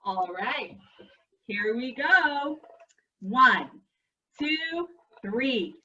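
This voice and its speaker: A high, bright woman leads a school assembly, playful and animated as she talks to young children. She speaks at an unhurried pace. The sound is dull and lo-fi, picked up from some distance off the mic. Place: school room, indoors.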